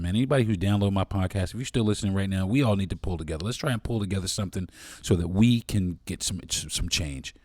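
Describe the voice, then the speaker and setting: A man's voice: fairly low pitch, darkish tone, no room sound, clean studio sound. A man hosting his own podcast, talking alone in a blunt, profane and impassioned way. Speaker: podcast host. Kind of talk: solo podcast monologue.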